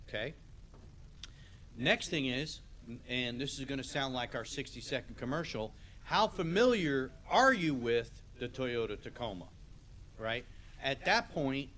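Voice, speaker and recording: A man's voice: medium pitch, a bit bright. A man teaching a sales training class in a casual lecture style, often checking in with "okay?".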